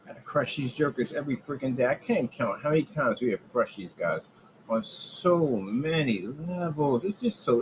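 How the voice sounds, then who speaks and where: A man delivering a rambling, boastful trash-talk rant about his business, taunting rivals and jumping from low mutters to loud outbursts. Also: slight background noise, low-quality recording. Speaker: business owner ranting on his channel.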